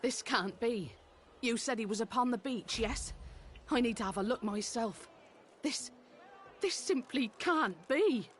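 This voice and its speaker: A woman's voice: fairly high pitch, animated, unhurried, slight background noise. A woman voicing a determined woman in a video game, questioning someone urgently about a missing inmate. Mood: disbelieving. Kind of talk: voiced video game dialogue.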